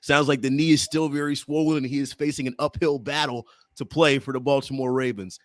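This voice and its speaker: A man hosting a sports podcast in casual chat, playful and teasing and quick to laugh. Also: mid-range voice, steady tone, no echo, studio quality. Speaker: podcast host.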